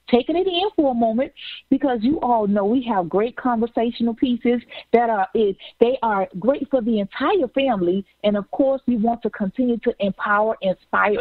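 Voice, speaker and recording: A woman hosting an inspirational talk show, energetic and chatty, repeating herself and speaking straight to her listeners. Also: fairly high pitch, no echo, phone-quality sound. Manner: energetic, repeats words, addresses listeners as "you all". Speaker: podcast host.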